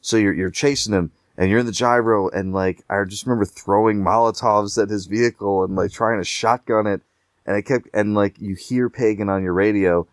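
A man with a low voice tells a long gaming story in loose, rambling chat. He keeps circling back with fillers and false starts. The sound is dry and close. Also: fairly even intonation, fairly quick, no echo. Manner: rambling, many fillers and restarts.

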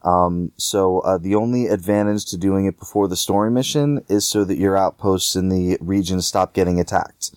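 A man's voice: sits low, normal speed, hardly any pauses, darkish tone, no room sound, studio quality. A man co-hosting a casual gaming podcast, rambling with lots of fillers and restarts.

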